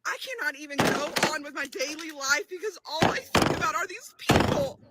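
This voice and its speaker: Exasperated pleading woman, high voice. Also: expressive, brisk. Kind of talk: emotional plea in a video clip. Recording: clip with clear background noise.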